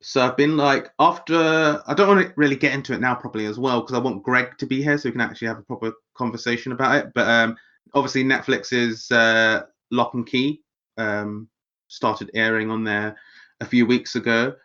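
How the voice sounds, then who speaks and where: A man's voice: mid-range voice, fairly even intonation, fairly quick, sharp tone, highs cut off. A man co-hosting a podcast who talks in casual chat, rambling and hesitant with many fillers. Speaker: podcast co-host.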